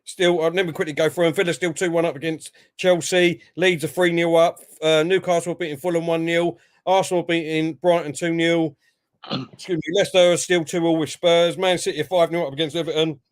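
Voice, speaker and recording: A man with a fairly high voice on a football watchalong. He answers back with short, repeated replies and runs through the scores in a casual, chatty way. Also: little pitch movement, a little fast. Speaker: watchalong co-host. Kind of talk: football fan chat and score updates.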